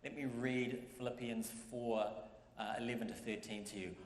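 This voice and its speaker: A man preaches as pastor in a church, his medium-pitched voice steady and moderately paced. His style is conversational, with repeated phrases for emphasis, and the recording has the echo of a church hall.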